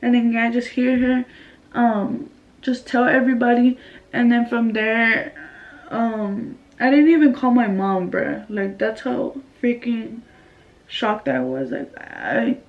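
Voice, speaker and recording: A woman's voice: a little high, takes it slowly, distant mic, muffled recording. A young woman from California telling a casual storytime, slangy and chatty, dropping Spanish phrases into her talk. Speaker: vlogger.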